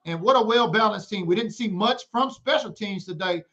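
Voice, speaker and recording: A high-pitched man talking football on a podcast with a hyped, teasing energy. The audio sounds dull and lo-fi. He sounds like he's in his thirties. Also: moderate pace, pushed and bright. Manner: hyped, playful trash talk. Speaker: podcast co-host. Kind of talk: casual sports talk.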